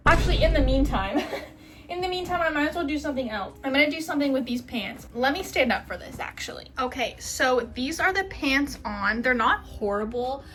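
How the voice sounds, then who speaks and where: Chatty young woman with a high voice. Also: expressive, normal speed, noisy background. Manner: chatty, rambling, swears casually. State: hiccupping. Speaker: vlogger. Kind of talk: casual chat while sorting and cutting clothes.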